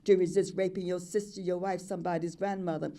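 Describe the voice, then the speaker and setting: A woman's voice: on the low side, flat delivery, fast talker, warm tone. An older woman performing spoken-word poetry in a rhythmic, incantatory way, chanting repeated refrains. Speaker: poet.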